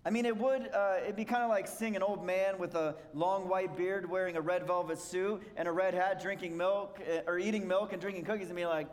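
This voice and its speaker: A man's voice: sits high, steady tone, fairly quick, hardly any pauses, big-room sound, slight background noise. A man preaching a sermon, explaining scripture in a conversational way and asking rhetorical questions. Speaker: pastor.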